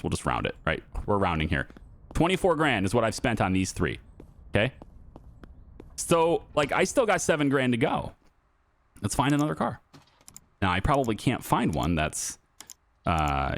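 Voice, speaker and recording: A man's voice: mid-range voice, no room sound. A middle-aged man giving casual, chatty commentary over a car dealing game, repeating his points and laughing easily. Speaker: gaming YouTuber.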